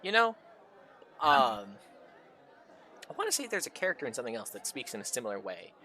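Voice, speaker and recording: A man's voice: mid-range voice, sing-song, fairly quick, pushed and bright, some chatter behind. A man casually commenting while streaming a game, rambling and joking about the dialogue. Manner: rambling, laughs a lot, mocks the dialogue.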